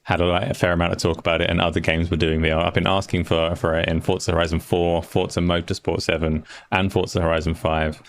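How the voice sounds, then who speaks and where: A man's voice: deep voice, level tone, quick pace, gravelly, few pauses, slight background noise. A man talking as a guest on a gaming panel, giving long earnest explanations. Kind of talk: casual panel chat.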